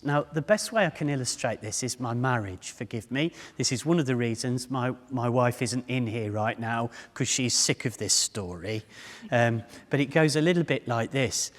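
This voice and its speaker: A man's voice: medium pitch, expressive, normal speed. A man in his fifties giving a public talk, telling humorous stories and speaking straight to the audience. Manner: humorous storytelling, addresses the audience directly. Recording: long reverb of a hall.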